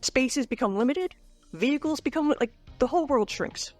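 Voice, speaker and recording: A woman's voice: sits high, lively intonation, moderate pace, a little mellow, faint music behind. A woman in her forties co-hosting a podcast in casual, jokey chat, laughing often and poking fun at herself. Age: 40s. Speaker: podcast co-host.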